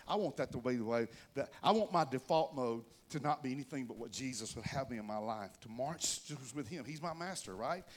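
A man's voice: medium pitch, fairly quick, few pauses. A man preaching a conversational sermon to his congregation, telling folksy stories and speaking straight to the listeners. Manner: folksy storytelling, addresses the congregation directly; animated, rises and drops in loudness for emphasis. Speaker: pastor.

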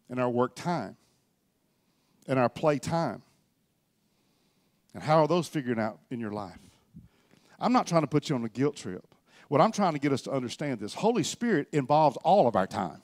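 A middle-aged man preaching a sermon as pastor, swinging between loud exhortation and quiet reflection. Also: medium pitch, big pitch swings, moderate pace, long pauses.

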